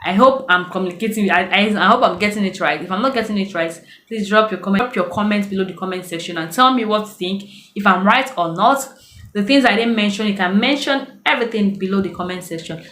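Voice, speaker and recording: A woman's voice: mid-range voice, fast, fairly bright tone. A woman from Nigeria with a Nigerian accent, giving casual advice in a storytelling way in a video blog. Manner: chatty storytelling, acts out quoted voices. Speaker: vlogger. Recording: echoey room.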